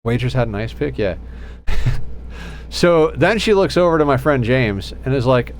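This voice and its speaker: A man's voice: medium pitch, lively intonation, moderate pace, long pauses, a little hiss or hum. A man in his thirties streaming a game, telling a rambling story with lots of laughs and fillers. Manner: rambling, laughing, acts out friends' voices. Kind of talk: casual storytelling while gaming.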